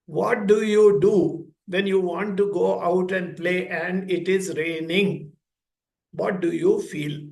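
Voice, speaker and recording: A man giving a talk at a school, speaking slowly and deliberately and acting out short dialogues between a parent and a child. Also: high-pitched, fairly even intonation, creaky, darkish tone. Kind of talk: lecture with plain everyday examples. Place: school hall. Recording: echoey room.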